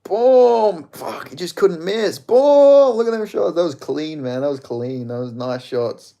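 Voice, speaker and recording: Australian man, mid-pitched, fight watch-along, excitable, profane, shouting. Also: moderate pace. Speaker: fight reaction streamer.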